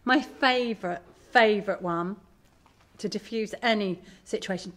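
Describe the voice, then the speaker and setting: A middle-aged woman giving a candid, animated talk to an audience as a parent. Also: mid-range voice, unhurried. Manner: animated, candid, self-deprecating. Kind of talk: live presentation to an audience.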